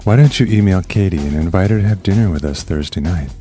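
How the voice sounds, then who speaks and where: A man reading as a deep-voiced teasing lover. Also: dark tone, faint music behind, close to an everyday voice. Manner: slow, teasing, suggestive delivery. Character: adult male lover writing a suggestive letter. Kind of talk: dramatic reading of a letter.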